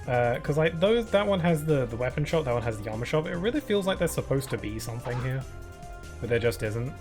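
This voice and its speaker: A man's voice: medium pitch, expressive, brisk. Young guy rambling thru a game stream, um-ing a lot, music playing behind. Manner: rambling, easygoing, many fillers. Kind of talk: casual gameplay commentary. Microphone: desk microphone.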